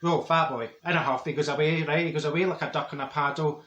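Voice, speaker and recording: A man's voice: on the high side, fast talker, fairly bright tone, roomy sound, highs cut off, close to an everyday voice. A man playing a chatty, blunt middle-aged woman from Glasgow with a broad Glaswegian accent, telling gossipy stories in a comedy monologue. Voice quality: broad Scots dialect, gossipy storytelling with put-on voices.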